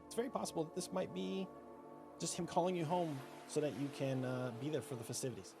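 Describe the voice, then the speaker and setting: A man running a tabletop game as game master, narrating in a relaxed, descriptive way. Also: a little high, quick pace, creaky, music in the background. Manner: relaxed, descriptive, many fillers.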